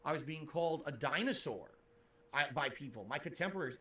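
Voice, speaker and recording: Streamer guy explaining himself, kinda defensive, sharp bright voice a bit high. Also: lively intonation, normal speed. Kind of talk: streaming commentary.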